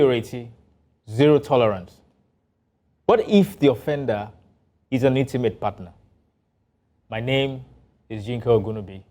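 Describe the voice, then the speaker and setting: Earnest man, low mellow voice. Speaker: co-host. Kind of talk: scripted TV talk show introduction.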